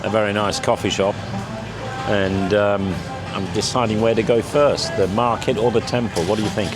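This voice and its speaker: A man with a slightly croaky voice chatting casually in a travel vlog, trailing off mid-sentence as he talks. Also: on the low side, fairly even intonation, moderate pace, music in the background. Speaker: travel vlogger. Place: outdoors on busy streets and in cafes. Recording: loud street traffic noise. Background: traffic and motorbikes.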